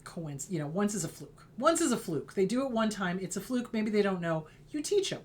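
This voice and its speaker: A woman's voice: medium pitch, very animated, fairly quick, slight background noise. A middle-aged woman therapist giving an educational talk, emphatic and mocking in her acted-out quotes. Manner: emphatic, acts out quoted apologies in mocking voices. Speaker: therapist host.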